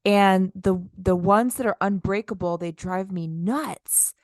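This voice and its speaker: A woman co-hosting a casual podcast chat, animated and exasperated, acting out lines with big jumps in her voice. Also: mid-range voice, unhurried, dry recording, studio quality. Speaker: podcast co-host.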